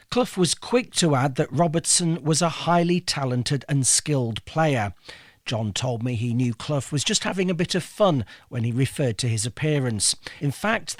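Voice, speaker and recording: Male host, measured narration and prompting questions, dead-dry booth sound. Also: a little high, no echo. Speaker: host and interviewer. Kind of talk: podcast interview and scripted narration.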